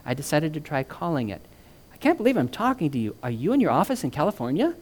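A man's voice: on the high side, very animated, fast, a little mellow. Desperate woman caller, read by a man: raised, pleading tone. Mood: amazed.

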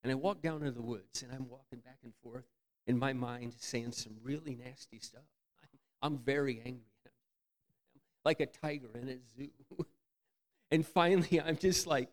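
A man preaching a candid, self-mocking storytelling sermon, swinging from loud outbursts to near-whispers. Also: mid-range voice, moderate pace. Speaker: pastor.

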